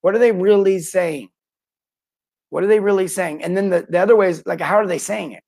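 A man in middle age runs a live coaching stream for tradespeople, his voice sitting high for a man. He talks with lots of energy, greets viewers by name and slips into quick acted-out customer lines to make his point. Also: creaky, darkish tone. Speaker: podcast host and plumbing sales coach.

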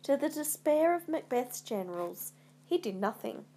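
A woman reading a retold classic tale aloud as a storyteller, in a measured storybook manner. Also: high-pitched, sing-song, mellow.

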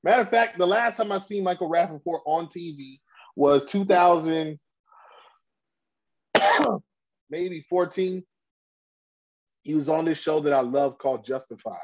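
A man with a fairly high, husky voice hosts a casual podcast chat. He rants bluntly and heatedly in street slang and keeps restarting his sentences. The recording sounds dull and lo-fi. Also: measured pace, long pauses. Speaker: podcast host.

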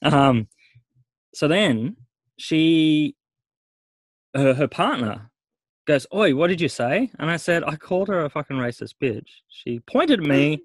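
A man's voice: on the high side, slow pace, pauses often, no room sound. A middle-aged man tells a story on a podcast in casual chat. He acts out each person's lines and swears freely. The sound is dry and close to the mic. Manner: animated retelling, swearing, acting out quoted voices. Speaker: podcast co-host.

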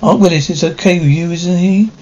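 A man's voice: high-pitched, fairly quick, darkish tone, lo-fi sound, natural voice. A man playing a blunt, slangy male backer of a stage play in a 1950s television drama. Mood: brash. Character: brash male money man, pushy and blunt. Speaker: theater backer. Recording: faint hiss of an old TV soundtrack.

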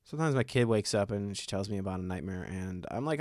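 A man's voice: fairly low pitch, expressive, quick pace, darkish tone, no room sound, studio quality. A man in his thirties doing a stand-up comedy set, rambling and self-deprecating in a conversational way.

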